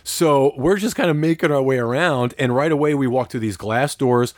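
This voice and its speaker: Male co-host, swears freely, worked-up storytelling, mid pitch, dry recording. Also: moderate pace, dry recording. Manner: profane, excitable storytelling. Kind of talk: casual storytelling chat.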